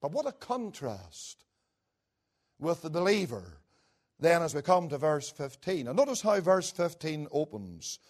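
A man preaching a sermon, rising to emphatic peaks and dropping to low, hushed lines, slow and deliberate on key words. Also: sing-song.

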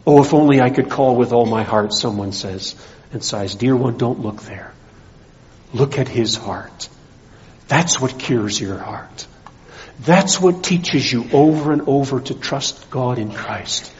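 Animated preaching man, lively pitch. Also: lo-fi sound. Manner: animated preaching, rising and falling emphasis. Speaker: pastor. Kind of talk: sermon.

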